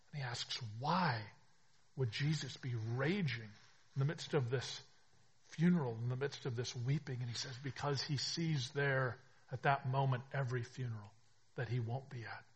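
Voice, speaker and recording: Man, pastor, husky voice, sermon delivery, shifts from quiet to emphatic. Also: medium pitch. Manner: preaching with swells from hushed to emphatic.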